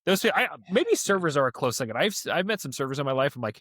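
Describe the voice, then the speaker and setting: Fast-talking man with teasing humor. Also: mid-range voice, sing-song, a bit bright, no echo. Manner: quick, teasing, dry humor. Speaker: podcast co-host. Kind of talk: casual chat.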